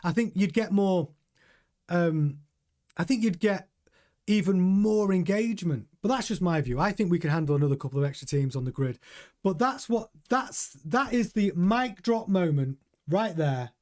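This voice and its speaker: A man's voice: high voice, lively intonation, moderate pace, darkish tone. A man hosting a casual live stream about motor racing, chatty and opinionated, reading out viewer comments. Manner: chatty, opinionated, reads chat aloud. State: drinking coffee. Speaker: host.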